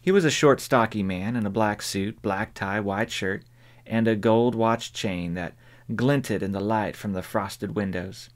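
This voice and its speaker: A man narrating an audiobook in a measured, even reading voice. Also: lowish voice. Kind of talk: scripted narration.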